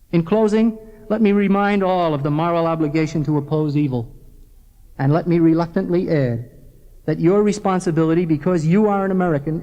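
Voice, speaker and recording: A man's voice: fairly high pitch, dark tone. A middle-aged man giving a scripted, earnest persuasive lecture directly to the viewer as the presenter of an organization's film. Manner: earnest, measured address to the viewer. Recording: old 1970s film soundtrack with long reverb.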